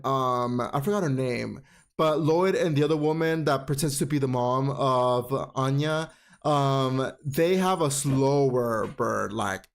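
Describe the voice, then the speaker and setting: A man's voice: fairly high pitch, a little hiss or hum. A man recapping an anime episode in a casual vlog, gushing, chatty and full of profanity. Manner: calls listener "girl" often.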